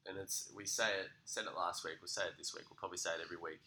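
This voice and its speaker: A man with a very bright, forceful voice that sits a little low in pitch. He co-hosts a relaxed podcast and keeps up energetic, sweary motivational banter. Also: very fast, rough recording. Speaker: podcast co-host. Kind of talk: casual chat.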